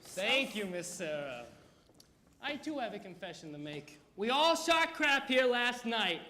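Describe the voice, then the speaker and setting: A sly streetwise gambler. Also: male voice, high-pitched, sing-song, a little slow, bright, forceful tone, slight background noise, full character voice. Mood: sheepish. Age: teens. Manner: streetwise, wheedling delivery. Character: fast-talking male gambler, sheepish and sly. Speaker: high school stage actor. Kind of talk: live musical theatre dialogue. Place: school auditorium stage.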